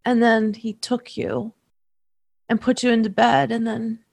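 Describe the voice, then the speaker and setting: A woman working as a medium, tenderly recounting a reading to the person she read for, emotional and halting. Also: fairly high pitch, flat delivery, creaky, a little mellow, dry recording.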